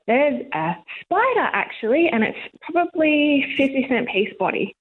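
Animated Australian woman caller. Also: high voice, normal speed, narrow, tinny audio, slight background noise. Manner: animated, laughing storyteller. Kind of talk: phone-in storytelling.

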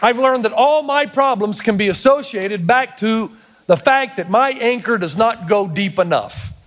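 A man's voice: sits high, animated, unhurried, a bit bright, a little hiss or hum. A pastor preaching a sermon, emphatic and putting questions straight to his congregation.

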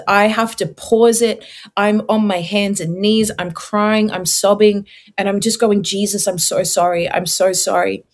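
Earnest young woman telling her testimony. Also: mid-range voice. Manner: earnest, expressive, quick storytelling with many fillers. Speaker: guest. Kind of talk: testimony interview.

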